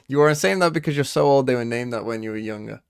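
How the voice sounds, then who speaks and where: A man's voice: mid-range voice, quick pace, creaky, smooth. A young British man streaming, swearing casually as he guesses quiz answers and talks to his chat. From Britain. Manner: swearing, quizzing himself aloud and talking to chat.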